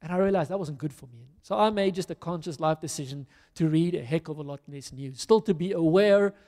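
A warm, fairly high male voice moves briskly through a sermon, the South African accent clear. It's a conversational, storytelling style with jokes at his own expense, captured in a reverberant hall.

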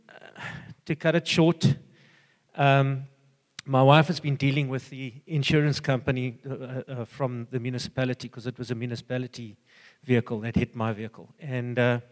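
An older man giving an earnest, halting personal testimony full of fillers and restarts. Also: medium pitch, long reverb tail. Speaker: church member giving a testimony.

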